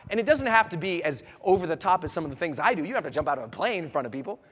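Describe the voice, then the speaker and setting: A man with a high, swooping voice delivers a motivational seminar talk to a large audience. He tells his stories with energy and punchy emphasis. His voice rings with long reverb from the hall. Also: sing-song, racing, slightly rough. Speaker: motivational speaker.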